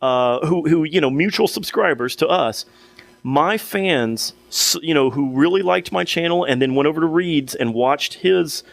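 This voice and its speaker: A man's voice: fairly high pitch, normal speed, gravelly, no room sound. A young man co-hosting a podcast, telling a long story in casual chat with many restarts and fillers. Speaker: podcast co-host.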